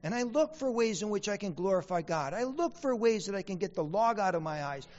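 A man's voice: high-pitched, expressive, fairly quick, a little mellow, long reverb tail, dull audio. A man preaching a sermon as pastor, asking the congregation questions and repeating key lines for emphasis. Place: church sanctuary.

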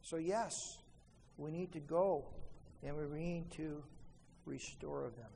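A man preaching a sermon as pastor, emphatic, rising to pleading peaks and dropping to quiet asides. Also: a little high, steady tone, slow pace, gravelly, slight background noise. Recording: faint room ambience with long hall reverb.

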